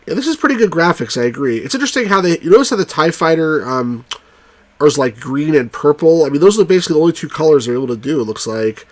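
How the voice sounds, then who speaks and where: A man's voice: a little high, quick pace. A man giving casual, jokey commentary while playing an old computer game. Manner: excitable, jokey, does movie impressions. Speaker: let's play host.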